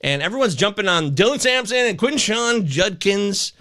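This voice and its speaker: Animated bright-voiced male sports host. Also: high-pitched, normal speed. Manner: animated, rambling, swears when upset. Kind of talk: live fantasy football chat.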